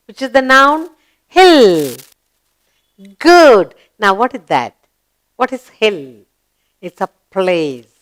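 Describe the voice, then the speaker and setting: A woman's voice: mid-range voice, a bit bright, clean tone. Singsong woman teaching grammar to kids. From India. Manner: singsong, encouraging, asks and answers her own questions. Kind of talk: slow grammar lesson for young children.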